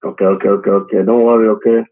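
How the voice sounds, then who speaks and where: A man's voice: on the low side, flat delivery, very fast. A man on a phone call, repeating reassurances in broken English and pleading over and over. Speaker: phone scammer. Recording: tinny phone line.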